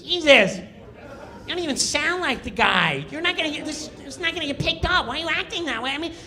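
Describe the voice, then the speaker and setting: Man doing a whiny male comic; high, nagging, scolding. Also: expressive, fairly quick, pushed and bright, full character voice. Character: whiny, needling male comedian castmate.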